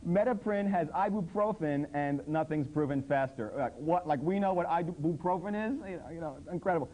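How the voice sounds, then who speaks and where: A man's voice: a little high, fairly quick, hardly any pauses, dark tone, poor audio. A man hosting a satirical public access show, mocking commercials with an incredulous, sarcastic tone. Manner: sarcastic, incredulous, quoting ads in mock voices. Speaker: comedy host. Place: public access TV studio under hot lights.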